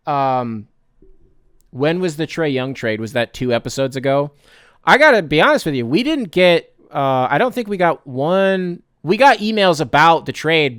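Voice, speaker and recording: A man hosts a casual sports podcast, his voice sitting a little high and coming through smooth and clear. He rants with heat, swears freely and keeps circling back to restart his thoughts. The sound is dry and close, with no room around it. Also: a bit bright, no echo. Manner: heated, profane, rambling with restarts. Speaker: podcast host.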